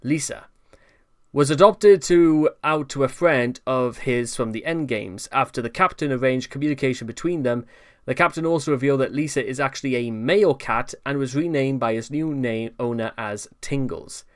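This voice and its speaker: A man with a smooth, resonant voice narrates a commentary video from his notes, often stumbling into restarts. His asides turn exasperated, and his pitch sits in the middle range for a man. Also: moderate pace. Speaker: commentary channel host.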